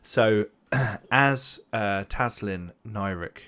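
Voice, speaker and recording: Low-voiced rambling game master man. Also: extremely slow, fairly bright tone, clear, resonant tone. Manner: rambling, many fillers. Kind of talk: narrating a tabletop game.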